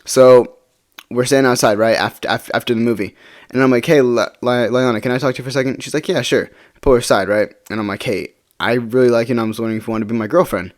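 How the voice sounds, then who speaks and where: A man's voice: mid-range voice, fast. A teenage boy telling a personal story in a casual, rambling way, swearing freely and restarting his sentences. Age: teens.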